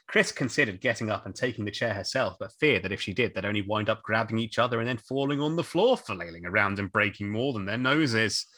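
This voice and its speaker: A man's voice: lowish voice, fairly quick, few pauses, fairly bright tone, no room sound, clean studio sound. A man reading a novel aloud for a comedy podcast, playful and prone to laughing. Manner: playful, breaks into laughter, puts on character voices. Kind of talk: comedic read-aloud with commentary.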